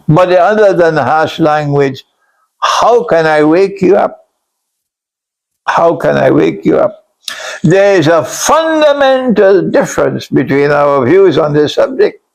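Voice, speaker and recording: Slow, gravelly-voiced man preaching emphatically. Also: on the high side, sing-song, rough recording. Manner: emphatic, repeats key phrases, at times rising to a shout; blunt, admits harsh language. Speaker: Islamic scholar lecturing. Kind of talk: religious lecture.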